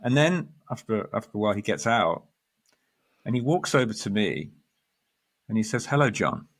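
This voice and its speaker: A man, a guest astrologer, telling a story in lively conversation, acting out quoted lines and restarting his sentences. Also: on the low side, normal speed. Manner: animated storyteller, quotes others, restarts often.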